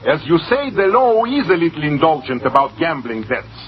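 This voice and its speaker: A man's voice: on the high side, big pitch swings, moderate pace. An actor playing a sly, gleeful accomplice who savors his tricks, in 1940s radio acting. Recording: dull old radio broadcast with faint hiss.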